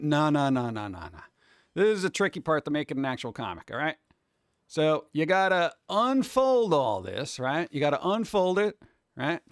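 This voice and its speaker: This livestreaming artist speaks with a fairly high, fairly bright, sing-song voice at a moderate pace. Casual and rambling, he talks to chat while doing tasks and explains each step hands-on. The recording is dry, clean studio sound.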